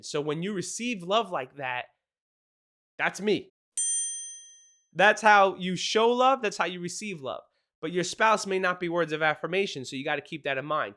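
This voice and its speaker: Male host, high and bright, eager fast talker who laughs between points. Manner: excited, fast-talking, laughs often. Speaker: podcast host. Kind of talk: casual marriage advice talk.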